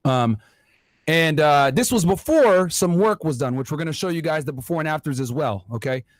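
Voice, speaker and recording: A male commentary host with a slightly raised pitch talks emphatically and speaks straight to his viewers. The sound is close and dry. He directs the playing of clips. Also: expressive, normal speed, no room sound. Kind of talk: online commentary.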